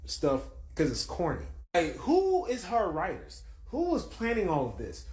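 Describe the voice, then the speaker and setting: A man with a somewhat high, animated voice vents in a casual commentary clip. He keeps asking rhetorical questions. The sound is echoey, as if recorded in a bare room. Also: normal speed.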